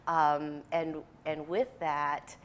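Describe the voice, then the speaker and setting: A woman's voice: sits low, little pitch movement, very slow. A woman hosting a casual interview, encouraging her guest and affirming often. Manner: encouraging, affirming with frequent mm-hmms. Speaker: interview host.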